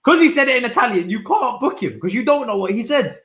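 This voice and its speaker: A young man reacting live to a football match, swinging from low muttering to loud shouts and using plenty of slang. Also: big pitch swings, fast, echoey room, poor audio. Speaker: football watch-along streamer. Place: indoor room at home.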